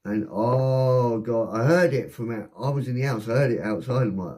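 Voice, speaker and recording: A man telling a rambling, heavily sworn personal anecdote in a casual, animated way. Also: medium pitch, normal speed, few pauses, slight background noise. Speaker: storyteller.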